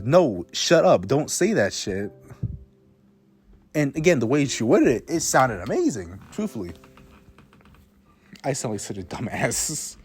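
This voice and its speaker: A teenage boy telling a rambling, self-mocking story about his own life, swearing often and restarting his sentences. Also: medium pitch. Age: teens. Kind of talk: casual storytime monologue.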